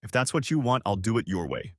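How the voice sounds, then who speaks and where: A man voicing a tearful, pleading wife in a spoken story, in a soft, pleading way. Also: on the low side, very animated, fast, husky, no echo, clean studio sound.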